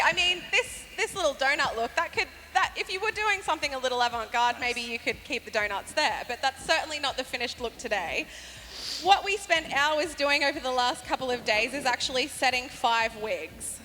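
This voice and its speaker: An Australian woman hairstylist presenting a live stage demonstration, chatty and quick to laugh as she explains her work, heard in a large event hall. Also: sits high, sharp tone, slight background noise. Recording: live hall with long reverb.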